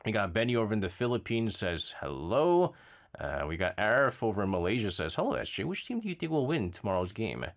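Male radio host, animated pitch, rambling, filler-heavy casual chat, studio. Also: a little fast. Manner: lively, rambling, frequent fillers and stammers. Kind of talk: casual radio chat reading listener messages.

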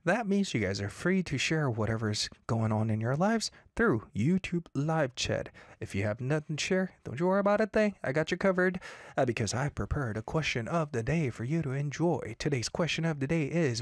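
A young man hosting a live show, reading out listener comments in a lively, upbeat way. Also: a little high, normal speed, no room sound, clean studio sound. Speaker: radio show host.

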